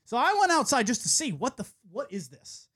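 A young man hosts a casual talk show, spinning a long story and acting out what other people said. His voice is very lively and swings widely in pitch, and he swears freely. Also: a little fast. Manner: animated storyteller, lots of swearing and quoting others. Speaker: radio show host. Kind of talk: casual chat.

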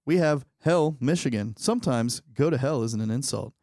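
A man co-hosting a talk show, joking along with short wry comments and telling quick stories. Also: mid-range voice, animated, heavy background noise. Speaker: co-host. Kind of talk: casual chat.

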